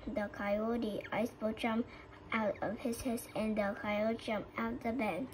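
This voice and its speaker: A woman with a Vietnamese accent reads a children's story aloud. Her voice sits a little high, and her reading halts with frequent slips and restarts. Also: flat delivery, slow pace, a little hiss or hum, poor audio. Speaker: storybook reader.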